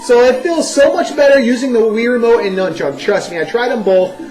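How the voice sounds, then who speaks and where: A young man giving a casual, animated first-impressions game review, full of "you know" and "like.". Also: very high-pitched, fairly quick, over music, rough recording. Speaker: video game vlogger.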